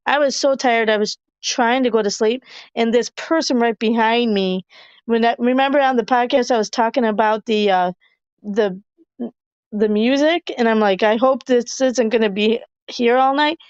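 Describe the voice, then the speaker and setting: A woman's voice: on the high side, moderate pace, clean tone, no echo, dull audio. Chatty, giggly woman podcast host. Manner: chatty, laughs often, many fillers. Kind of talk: casual chat reading viewer comments. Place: hotel room.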